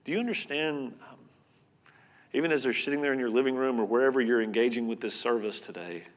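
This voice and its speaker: Pastor guy preaching, earnest and chatty, mid-pitched voice, big hall echo. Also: quick pace. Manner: earnest, conversational preaching with repeated words and sudden loud and soft turns. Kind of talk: sermon. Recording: long reverb of a hall.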